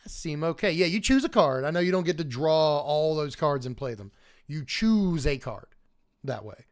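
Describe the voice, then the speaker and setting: A man hosts a relaxed livestream review in a bright, slightly higher voice. His pitch bounces up and down as he chuckles and talks back to his viewers. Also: normal speed. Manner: animated, chuckling, chatting with viewers. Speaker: host. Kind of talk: casual livestream card review.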